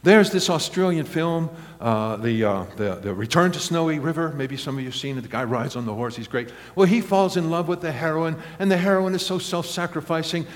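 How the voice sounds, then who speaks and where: A man's voice: fairly high pitch, a little fast, few pauses. A male pastor preaching a sermon, telling stories animatedly with acted quotes and chuckles. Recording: long reverb of a large hall.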